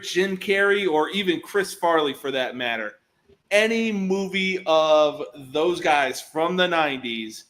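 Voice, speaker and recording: A man's voice: a little high, bright, forceful tone. A man co-hosting a casual podcast, eagerly rattling off lists of his favorite comedies. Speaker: podcast co-host. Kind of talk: casual chat.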